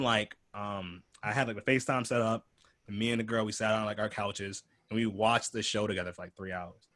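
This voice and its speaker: A man's voice: fairly low pitch, a bit bright. Laid-back young man hosting a podcast. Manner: loose, rambling, laid-back, heavy filler words. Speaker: podcast host. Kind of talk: casual conversational podcast.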